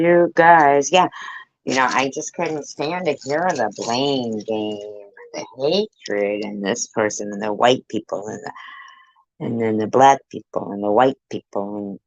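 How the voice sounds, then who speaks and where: A woman's voice: rumbling low, no room sound, muffled recording. A woman vlogger chatting to her viewers in a rambling, jokey way, laughing at her own jokes. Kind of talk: rambling casual chat to viewers.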